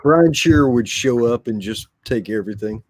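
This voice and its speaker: A man's voice: mid-range voice, lively intonation, moderate pace, a little mellow. A man co-hosting a casual livestream, laid-back and teasing as he reads chat comments. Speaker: livestream co-host.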